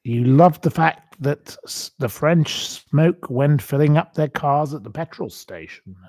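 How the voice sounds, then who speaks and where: A man's voice: fairly high pitch, animated, measured pace, a little mellow, no echo. A man hosting a casual livestream, rambling and chatty with many ums and asides. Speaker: host.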